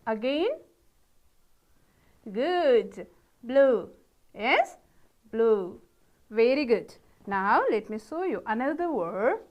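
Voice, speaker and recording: A woman teacher with a Nepali accent leading a pronunciation lesson, modelling each word slowly and praising her pupils. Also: on the high side, sing-song, lo-fi sound. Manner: slow, drawn-out model words with encouraging praise. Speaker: English teacher.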